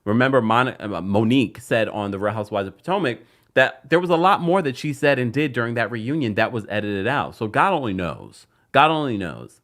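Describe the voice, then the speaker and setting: A man hosting a casual reality TV recap show, chatting and reading a sponsor spot. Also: brisk. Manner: animated, chatty, jumps up in pitch for emphasis.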